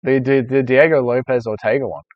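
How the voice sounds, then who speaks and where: A man's voice: medium pitch, fairly even intonation, a little fast, no room sound, highs cut off. Swearing streamer man. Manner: chatty, swears freely, loose and rambling. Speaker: streamer host. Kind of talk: casual live-stream Q&A chat.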